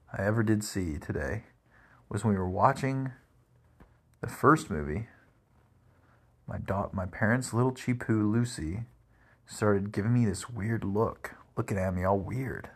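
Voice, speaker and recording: A man's voice: lowish voice, measured pace, long pauses, slightly rough. A man telling rambling everyday stories in a casual monologue, full of "like" and "crazy". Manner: rambling, animated, lots of "like" and "crazy".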